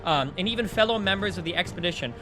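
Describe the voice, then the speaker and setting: A young man with a high voice that swings widely in pitch tears into a film during a live stream. He talks heatedly, swearing freely and restarting his sentences as he vents. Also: lively intonation, quick pace, sharp tone, faint music behind. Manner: profane, heated, ranting. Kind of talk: live stream movie rant.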